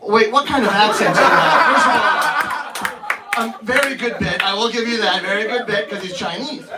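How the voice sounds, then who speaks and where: A man's voice: high voice, a little fast. A man in his thirties doing brash, teasing, profane crowd work as a stand-up comedian on a club stage. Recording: distant mic, loud laughing crowd.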